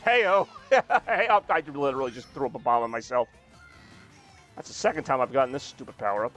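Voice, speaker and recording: A man's voice: medium pitch, a bit bright. Self-mocking male game streamer. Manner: self-deprecating, joking, rambling. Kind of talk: casual live-stream chat while playing.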